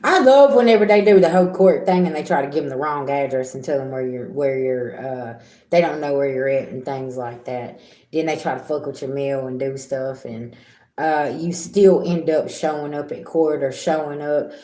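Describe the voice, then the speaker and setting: A woman's voice: sits low, normal speed, mellow, reverberant. A middle-aged woman giving a casual tarot reading, blunt and repetitive, talking straight to her viewers. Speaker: tarot reader.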